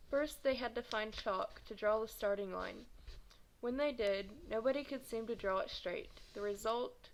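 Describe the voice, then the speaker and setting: A woman in her twenties reading a children's novel aloud in a steady manner, with occasional stumbles and self-corrections. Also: mid-range voice, slight background noise, low-quality recording. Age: 20s. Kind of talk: storybook read-aloud.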